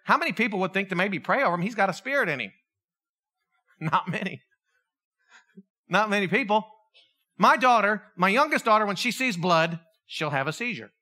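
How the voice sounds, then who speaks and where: A middle-aged male pastor preaching a sermon, telling stories with animation and acting out the voices of the people in them. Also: high voice. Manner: animated storytelling, acts out voices.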